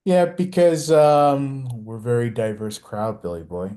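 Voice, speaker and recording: A man's voice: mid-range voice, fairly even intonation, unhurried, mellow. A man hosting a casual sports podcast, rambling and hesitant with many restarts. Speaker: podcast host.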